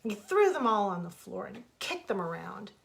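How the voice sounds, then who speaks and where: A woman author reading her own fables aloud as bedtime stories, gentle and expressive, into a webcam. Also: mid-range voice, normal speed, gravelly.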